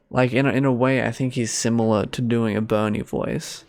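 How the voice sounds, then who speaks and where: A man's voice: mid-range voice, fairly even intonation, brisk, vocal fry, few pauses, darkish tone, no room sound. A young Australian man streaming a game, rambling sarcastically with many fillers. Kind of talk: casual gaming commentary.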